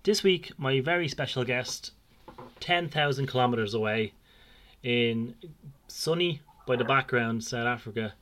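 An Irish man in his thirties hosts a casual podcast chat. His voice sits at a middling pitch, and he rambles, circling back on himself with fillers and restarts. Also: unhurried, sharp tone. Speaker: podcast host. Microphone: video call.

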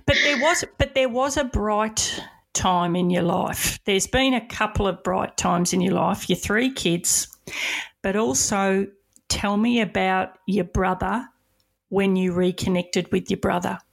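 A woman's voice: mid-range voice, a little slow, gravelly. A woman hosting an interview, asking questions in an encouraging way. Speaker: host.

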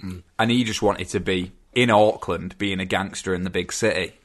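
A young man chatting casually on a film podcast, relaxed and quick to laugh. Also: sits low. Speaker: podcast host.

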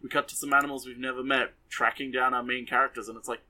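A man's voice: medium pitch, flat delivery, quick pace, pushed and bright, low-quality recording. A man casually recapping an anime episode for a podcast, sarcastic and exasperated, rambling with many fillers.

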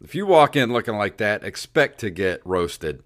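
Man, very deep voice, podcast co-host, casual storyteller, animated. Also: normal speed. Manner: animated, acts out voices in anecdotes.

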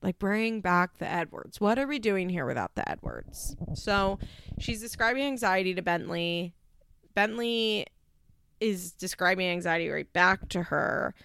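A woman's voice: fairly low pitch, lively intonation, measured pace, gravelly, fairly bright tone, clean tone. A woman recapping a reality show in a casual monologue, talking bluntly and candidly with plenty of swearing and filler "like.".

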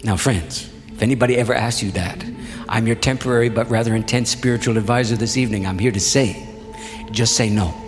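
A man telling a long story to a live audience in an unhurried, reflective, folksy way. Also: fairly low pitch, in a large hall, faint music behind. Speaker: spoken-word storyteller. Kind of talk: live spoken-word storytelling. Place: hall before an audience.

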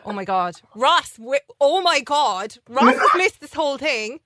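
Female co-host with a lively, dramatic voice that has plenty of swing. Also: sits high, measured pace, heavy background noise. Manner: excitable, dramatic. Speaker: radio co-host. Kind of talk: casual radio banter.

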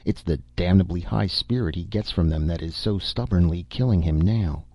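A man's voice: low voice, moderate pace, slightly rough, no echo, lo-fi sound. A man reading the part of a gloomy, brooding middle-aged father who speaks impatiently and bitterly.

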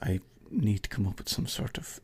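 A man's voice: fairly low pitch, big pitch swings, moderate pace, darkish tone, breathy edge. A middle-aged Irish man hosting his own podcast, rambling and swearing through a jokey sign-off with asides to an imagined colleague. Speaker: podcast host. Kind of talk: casual solo podcast outro.

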